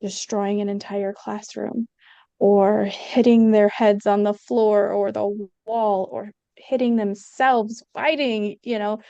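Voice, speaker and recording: A woman's voice: medium pitch, fairly even intonation, takes it slowly, warm tone, no echo. A woman speaking as a guest in a casual podcast conversation, thoughtful and using frequent fillers. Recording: dull, dry lo-fi sound.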